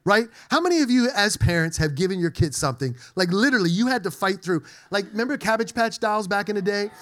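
A man's voice: high-pitched, fast. A middle-aged male pastor giving a playful sermon and drawing answers from his congregation in a church. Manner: animated, playful, engages the congregation.

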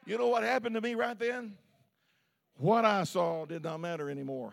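A man preaching a sermon as pastor, swinging between loud, shouted peaks and quiet, low asides. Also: lively intonation, normal speed, vocal fry.

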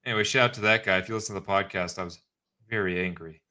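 A man co-hosting a podcast in casual chat, ranting in animated bursts of mock anger. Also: low-pitched, racing. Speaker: podcast co-host.

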